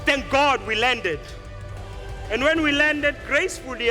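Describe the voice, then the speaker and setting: Animated high-voiced man. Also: measured pace, soft background music. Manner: animated storyteller acting out characters. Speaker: speaker. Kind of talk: motivational speech with storytelling.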